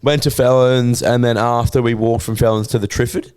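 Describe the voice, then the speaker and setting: A man's voice: mid-range voice, level tone, brisk, darkish tone, smooth. A man in his twenties with an Australian accent, co-hosting a podcast and telling a story in a laid-back, blunt way, swearing freely. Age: 20s. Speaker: podcast co-host. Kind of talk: casual storytelling chat.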